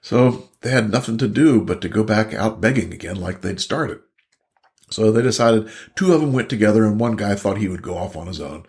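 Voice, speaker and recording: Gravelly animated male storyteller. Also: fairly quick. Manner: animated, jumps high for quoted voices. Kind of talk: storytelling a fairy tale.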